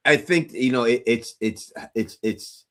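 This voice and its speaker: A man's voice: medium pitch, a little slow, a bit bright. A man co-hosting a casual recap show, talking bluntly in profane street slang. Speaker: podcast co-host.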